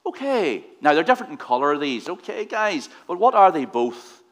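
A man playfully quizzes the children during a church service's children's talk. His voice is fairly high with big pitch swings, and he keeps a moderate pace.

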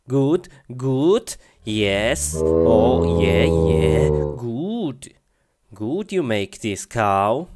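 A man acting out a comedy skit in halting, broken English, talking himself through each step with many "oh" and "hmm" sounds. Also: mid-range voice. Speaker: skit performer.

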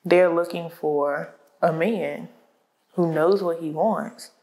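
A woman co-hosting a podcast chats casually, reasoning aloud with fillers as she explains where she stands. Her lowish, darkish voice is slow with fairly even intonation, and the lapel-mic recording is rough.

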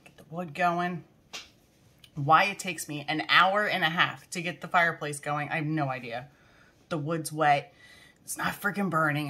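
Frazzled, lively woman venting. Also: fairly low pitch. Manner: frazzled, swearing, rambling and exasperated. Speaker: beauty vlogger. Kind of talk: casual venting chat to camera. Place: at a home desk, indoors. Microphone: camera zoomed in at a desk.

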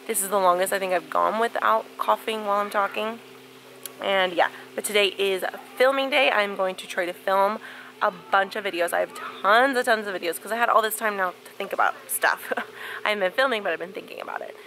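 Bright-voiced young woman vlogging outdoors. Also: mid-range voice, a little fast, rough recording. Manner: chatty and conversational. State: recovering from a cold, with a cough. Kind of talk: casual vlog chat. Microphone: handheld camera. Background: faint outdoor ambience with wind.

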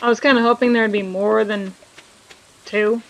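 In a low-quality recording, a woman with a slightly high voice chats and jokes with viewers while hosting a casual let's play. She speaks at normal speed with fairly even intonation and reads the game's dialogue aloud as she plays.

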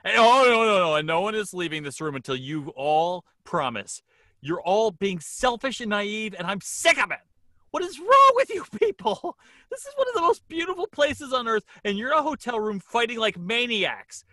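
A man plays an exasperated captain scolding everyone in the room. His voice is high and bright with lively swings in pitch, heard dry and close. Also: normal speed, no room sound. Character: gruff, fed-up boat captain. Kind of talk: Zoom play reading. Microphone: video call.

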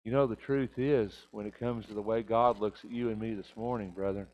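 A man's voice: steady tone, fairly quick, few pauses, rough recording. Man preaching a confessional sermon. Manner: swings from loud, high emphatic bursts to quiet low confessions. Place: church sanctuary.

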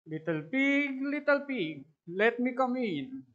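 A woman voicing a snarling, menacing big bad male wolf in a read-aloud storybook, with a drawn-out growl. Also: fairly high pitch, very animated, dull audio.

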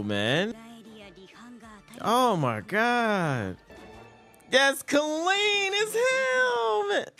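A man reacting to an anime episode, bursting into exclamations and slang as he watches. His pitch swings widely and he stretches his words out slowly. Faint music plays underneath. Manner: excitable, exclamatory, heavy slang. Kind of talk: live reaction commentary.

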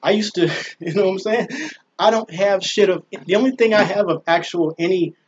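A man's voice: high voice, brisk, husky, dull audio. A man vlogging from a small balcony, rambling and swearing through a laid-back casual story with lots of fillers. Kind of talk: casual profane monologue. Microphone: camera on a small balcony.

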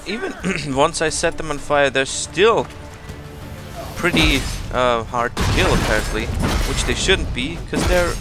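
A man hosting a let's play, giving casual commentary full of excited exclamations and rambling asides. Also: a little high, normal speed. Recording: commentary over loud game music. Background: game music.

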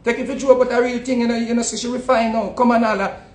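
A man with a Jamaican accent giving a casual, animated commentary, often repeating words and swinging between loud outbursts and low asides. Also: fast. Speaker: online commentator. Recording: echoey room with faint rumble.

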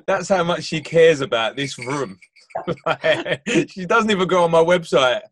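A man hosting a casual podcast chat over a video call, telling stories in an animated, self-mocking way. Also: on the high side, a little slow, no echo. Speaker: podcast host.

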